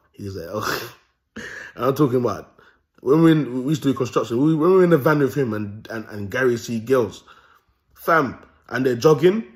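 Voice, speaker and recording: Animated young London man ranting. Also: mid-range voice. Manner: animated, swearing, laughing at his own jokes. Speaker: host. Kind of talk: ranting comedic commentary.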